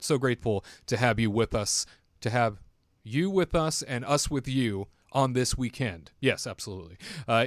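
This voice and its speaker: A man hosting a theme park news livestream, delivering an animated, showy hype-man intro with playful put-on voices. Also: medium pitch, no echo, studio quality.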